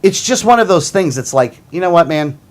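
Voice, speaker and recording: A talk show host delivers a casual political rant that is heated and combative, circling back to the same points repeatedly. His voice sits somewhat high for a man, swinging widely in pitch with lively intonation at a fairly quick pace.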